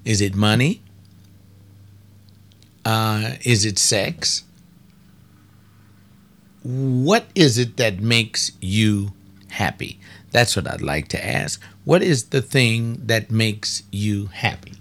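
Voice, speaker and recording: A man hosting a radio hour, preaching in a relaxed, conversational way and asking rhetorical questions between songs. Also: fairly low pitch, slow pace, pauses often.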